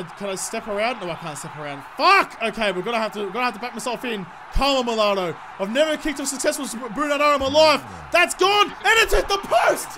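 A young man commentating his own football video game live, excitable and sweary, shouting at his players. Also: extremely high pitch, noisy background. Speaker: gaming YouTuber.

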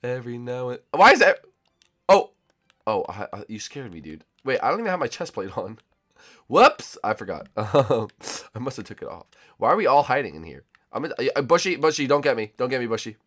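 A young man giving casual, excitable let's-play commentary as a gaming YouTuber, swinging from loud shouts to low muttering. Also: a little fast.

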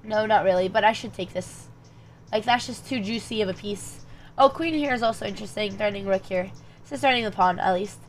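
A young woman streams chess in a medium-pitched voice, talking fairly quickly with a little hiss or hum in the background. She thinks her moves aloud, muttering calculations, then breaks off for animated chat with those watching.

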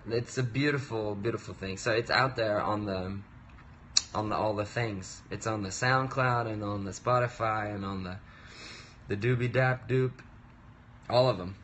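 A man's voice: on the low side, moderate pace, fairly bright tone, a little hiss or hum. Chatty man rambling on a phone livestream. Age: 30s. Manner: rambling, self-interrupting, playful and chatty. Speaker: musician livestreaming. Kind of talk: casual livestream chat. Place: home work desk.

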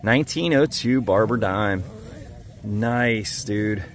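A man's voice: fairly low pitch, slow, a little hiss or hum. A man hosting a metal detecting vlog, narrating casually on the spot outdoors at a dig site and cheering on his friends in an upbeat way.

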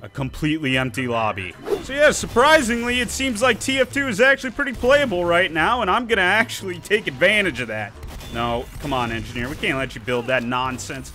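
A young man talks over his own game footage in a casual, joking way, teasing opponents as he plays. His voice is bright and forceful, and it sits a little high for a man. Faint music plays in the background. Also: brisk. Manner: playful, talks to enemy players, jokey asides. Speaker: gaming YouTuber. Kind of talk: casual gameplay commentary.

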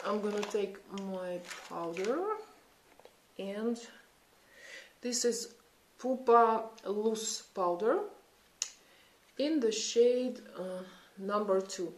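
A woman in her thirties with a Russian accent, chatting and thinking aloud while doing a makeup tutorial. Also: mid-range voice. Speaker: beauty vlogger. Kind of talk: casual makeup tutorial chat. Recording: echoey room.

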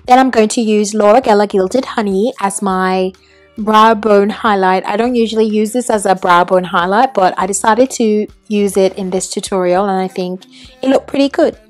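Young woman, put-on British accent, tutorial voiceover narration, chatty, occasional ums, medium pitch. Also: normal speed, soft background music. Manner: chatty, with some ums and self-corrections. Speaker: makeup tutorial host.

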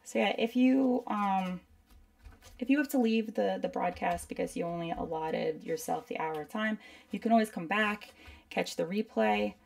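A woman's voice: medium pitch, moderate pace, gravelly, darkish tone, distant mic. A woman teaching a live painting demo at her desk, chatting and rambling to herself as she works. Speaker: art instructor.

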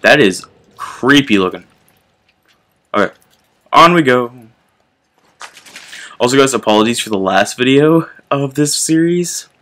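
Young man, gaming host, casual playthrough commentary, chatty, unhurried pace, bright tone. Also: mid-range voice, expressive. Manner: chatty, reacting out loud to the game.

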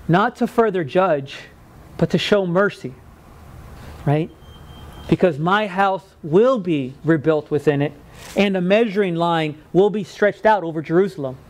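Very high-voiced preacher asking "right?". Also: male voice. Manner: conversational, keeps asking "right?"; acts out God's words in lively voices. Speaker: pastor. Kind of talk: sermon.

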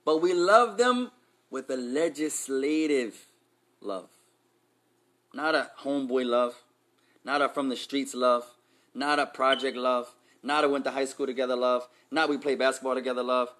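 A man's voice: mid-range voice, moderate pace, a bit bright. A man teaching an Islamic class, switching between Arabic and English, quizzing his students and joking with street slang. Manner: playful, street slang mixed in.

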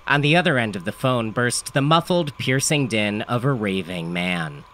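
A man's voice: medium pitch, animated, moderate pace, fairly bright tone, a little hiss or hum. A man narrating a comic story in a dry, matter-of-fact first-person delivery.

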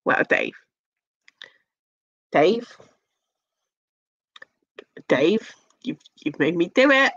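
A young woman with an English accent talks slowly and casually to her live-stream chat. She teases her viewers, swears freely and fills gaps with ums. Her voice sits on a close, dry desk mic. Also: fairly low pitch, big pitch swings, a bit bright, husky, dry recording, highs cut off. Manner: chatty, sweary, teasing, many fillers.

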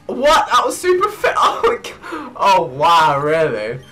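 A young man giving hyper, excitable gameplay commentary, often breaking into shrieks and laughter. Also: high-pitched, measured pace, soft background music, low-quality recording. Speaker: let's play gamer.

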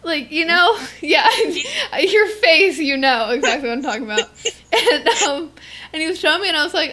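Teen girl podcast co-host, high and bright, rambling and playful. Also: expressive, moderate pace. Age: teens. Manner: teasing, giggly, rambling. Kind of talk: casual chat.

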